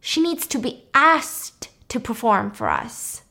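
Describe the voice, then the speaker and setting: A woman's voice: on the high side, huge pitch swings, slow, vocal fry, bright, forceful tone, heavily acted. A woman voicing a smug, controlling male music mentor in a film recap, coaxing and menacing. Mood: smug menace.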